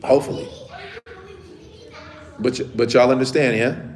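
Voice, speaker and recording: A man's voice: mid-range voice, moderate pace, darkish tone. A man who is a teacher giving a casual lesson to children, often checking in with the class as he talks. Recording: echoey room with faint ambience.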